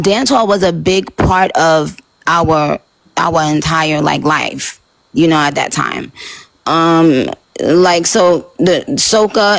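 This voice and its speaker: Gravelly-voiced New woman, animated. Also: low voice, low-quality recording. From Queens, New York. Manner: animated, rambling, with frequent fillers. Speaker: interview guest. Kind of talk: casual interview chat.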